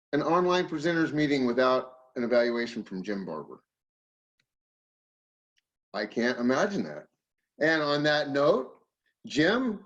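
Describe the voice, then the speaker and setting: A man acting as general evaluator at an online meeting, introducing the next speaker in a playful, ceremonious way over a video call. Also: sits high. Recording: dull lo-fi video call audio.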